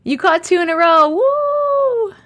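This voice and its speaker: A woman with a Long Island accent, chatting casually on a livestream and reading viewer comments, talking in a chatty, animated way full of giggles. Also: on the high side, moderate pace. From Long Island, New York. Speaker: livestream host.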